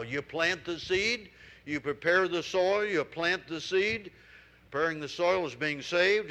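A man's voice: fairly high pitch, sharp tone. A male preacher delivering a sermon to a congregation, exhorting with emphatic repetition. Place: room with congregation.

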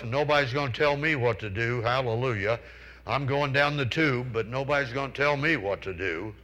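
Male preacher, bright clear tone, folksy storyteller who quizzes the congregation and acts out his characters. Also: medium pitch, poor audio. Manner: acts out characters in raised voices. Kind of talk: sermon.

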